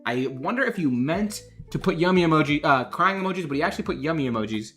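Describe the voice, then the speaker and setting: A chatty man hosts a live stream, rating fan art and reading out viewer messages between jokes and laughs. His voice is bright and swoops up and down with excitement. Light music plays quietly underneath. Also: on the high side, fast talker. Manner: chatty, jokey, reads donations aloud, laughs often. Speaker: game developer streamer judging fan art. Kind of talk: casual livestream commentary.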